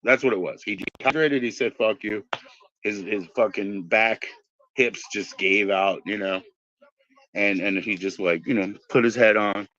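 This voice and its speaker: Here the podcast host, a man in his forties, speaks at a moderate pace with a fairly low, somewhat bright voice. His casual talk wanders off on tangents and is full of profanity, captured in a dull, lo-fi, dry recording.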